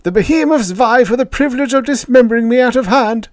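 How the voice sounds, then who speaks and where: A man voicing a frightened male alien diplomat who lisps in a hoarse whisper. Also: very high voice, fast talker, darkish tone, no room sound, studio quality, pitched above the performer's own voice. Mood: frantic pleading. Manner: pleading, frantic.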